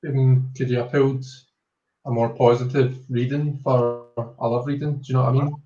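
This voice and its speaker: A man's voice: medium pitch, level tone, warm tone, muffled recording, faint music behind. Upbeat Scottish man on a roomy call. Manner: rapid, upbeat, filler-heavy. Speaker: tarot reader. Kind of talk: live online tarot reading. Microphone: video call.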